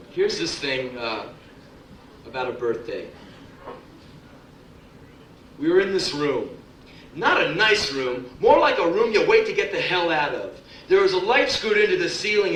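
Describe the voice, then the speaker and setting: A man delivers profane, sardonic spoken-word stories to a club audience, his voice forceful and bright. The live recording catches him from a distance, with the room echoing around him and faint crowd ambience behind. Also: high voice, a little hiss or hum.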